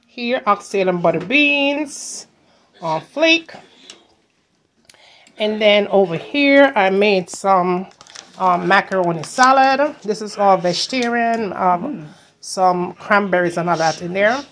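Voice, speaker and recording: A woman's voice: mid-range voice, animated, takes it slowly, fairly bright tone, slight background noise. Woman, tired, chatty, home kitchen vlog, phone camera. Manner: chatty, addresses viewers as y'all. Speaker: cooking channel host. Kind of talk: casual vlog chat.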